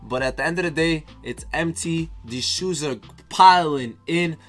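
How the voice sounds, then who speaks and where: A man's voice: a little high, measured pace, a bit bright, soft background music. A man giving casual, hyped commentary while opening packs in a video game, talking straight to his viewers and repeating phrases. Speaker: gaming YouTuber.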